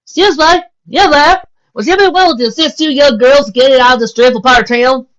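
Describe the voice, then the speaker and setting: A woman voicing a fussy, dramatic young woman with prim manners, in a high, shrill, theatrical voice. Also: fast talker, highs cut off, natural voice. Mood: distraught.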